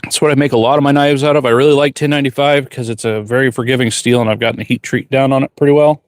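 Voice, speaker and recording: Man, blacksmith streamer. Casual, rambling chat at a mid-range pitch, with a dry close sound. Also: steady tone, racing, no echo. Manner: laid-back, rambling, reads viewer questions aloud. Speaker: blacksmith livestreamer. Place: forge workshop.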